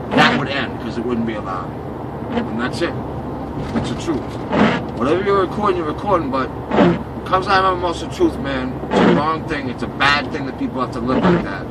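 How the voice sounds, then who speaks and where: A man's voice: on the high side, very animated, moderate pace. A man from Boston riding as a taxi passenger, ranting with emphatic, profane talk and repeating himself. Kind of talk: heated personal rant. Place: inside a taxi cab. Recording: distant voice under loud road noise. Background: road and engine noise.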